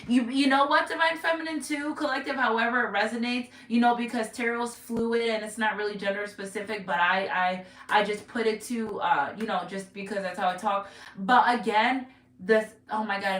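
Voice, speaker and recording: A woman gives a casual tarot reading with a bright, edgy tone. She rambles, stops herself mid-thought and gets emotional. Her voice rings in a roomy space, picked up from a little distance. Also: fairly high pitch, moderate pace. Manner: rambling, self-interrupting, emotional. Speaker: tarot reader. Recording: roomy echo, voice off-mic.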